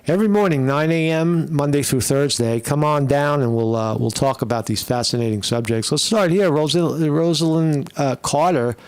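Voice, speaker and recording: A man's voice: on the high side, moderate pace, few pauses, a little mellow, smooth, dry recording. A man hosting a casual opinion livestream, talking in a rambling way with many fillers, restarts and blunt swearing. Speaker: livestream host.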